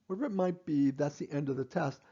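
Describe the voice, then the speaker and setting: A man's voice: on the high side, quick pace, mellow, highs cut off. A man explaining a breathing test to patients, repeating and stressing key points with fillers and restarts. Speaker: clinician teaching patients. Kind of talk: instructional explanation.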